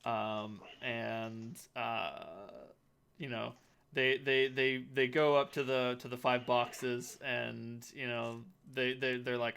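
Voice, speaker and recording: A man running a tabletop game as game master, talking haltingly with many fillers and restarts, breaking into high shrill voices for the characters. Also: level tone, gravelly, a bit bright, slight background noise.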